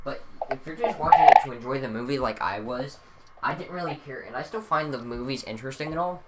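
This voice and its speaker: A man on a casual podcast giving strong opinions, his voice swelling loud for emphasis. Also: medium pitch, fast talker. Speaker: podcast co-host. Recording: noisy home recording.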